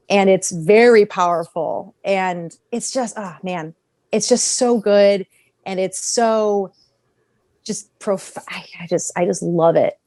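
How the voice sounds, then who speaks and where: A woman's voice: medium pitch, takes it slowly, a little mellow, dry recording. A woman talking on a podcast panel in a passionate, rambling way, restarting her sentences often. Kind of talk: casual podcast discussion.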